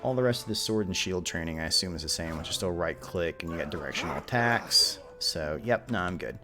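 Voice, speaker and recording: Lively low-voiced man streaming a game. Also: fairly quick, soft background music. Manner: casual, rambling, joking asides to chat. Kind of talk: live gameplay commentary.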